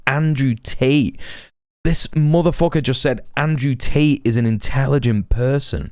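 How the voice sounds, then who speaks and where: A man's voice: medium pitch, unhurried, darkish tone, clean tone, no room sound, studio quality. A young British man streaming a reaction, mocking and exasperated, swearing often. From Britain.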